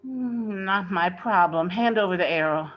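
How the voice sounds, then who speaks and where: A woman reading a play aloud, voicing a spoiled, demanding young male nobleman who whines and shouts. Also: mid-range voice, a little slow, dull audio, lightly acted. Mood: haughty. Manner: whiny, bossy, shouting.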